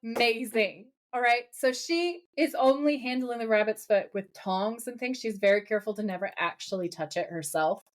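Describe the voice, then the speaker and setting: A woman with a slightly high voice co-hosts a podcast, speaking at a normal pace with hardly any pauses. Raised partly in America, she playfully recaps a TV episode in casual chat, animatedly acting out quoted lines from the scenes.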